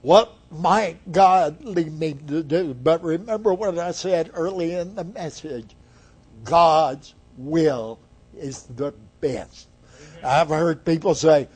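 Older male guest preacher, husky, fairly high voice, slow earnest sermon delivery. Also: darkish tone.

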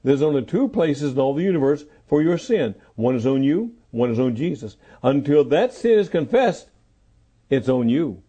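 An older man preaching a sermon, emphatic and repetitive, dropping to low, quiet phrases and then rising to loud calls. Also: expressive, normal speed, husky. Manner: emphatic, repeats key phrases, swings between soft lows and loud calls.

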